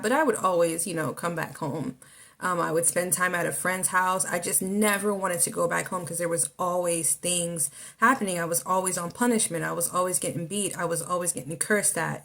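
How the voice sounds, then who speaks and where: Lowish-voiced woman telling her own hard story on a podcast, lots of likes and you knows. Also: creaky, a bit bright. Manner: halting, emotional storytelling with many fillers. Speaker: podcast host. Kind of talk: personal testimony.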